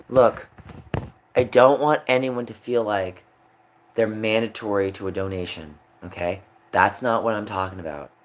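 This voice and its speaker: A man on a live stream vents in an emotional rant, swinging between low muttering and a raised voice.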